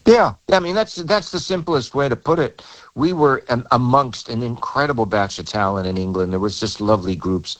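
A man being interviewed as a musician guest, telling stories in a relaxed way with small repeats. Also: medium pitch, normal speed, low-quality recording. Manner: relaxed storytelling with repeated words. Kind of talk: radio interview chat.

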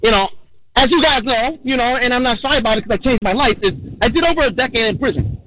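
A man's voice: very high voice, fast talker, pushed and bright, a little hiss or hum. A man from New York calling into a radio show as a guest, telling a comic personal story in a rambling way, full of "you know" fillers. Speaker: guest comedian. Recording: tinny phone line.

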